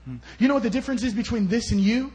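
A man with a very high-pitched, racing voice preaches as a guest at a church service, telling stories and shifting from loud outbursts to soft asides.

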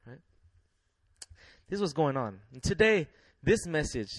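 A young man preaching a sermon in a lively, laughing way, leading the congregation in call-and-response. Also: a little high, unhurried, no room sound.

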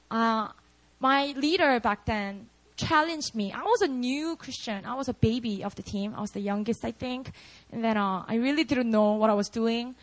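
A woman's voice: on the high side, poor audio. A young woman preaching a casual, storytelling sermon, chatty and full of "like" and "you know". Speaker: preacher at a prayer meeting.

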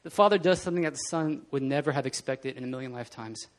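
A man preaching a casual, animated sermon in a church, often laughing and acting out scenes. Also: medium pitch, fast. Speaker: pastor. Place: church hall.

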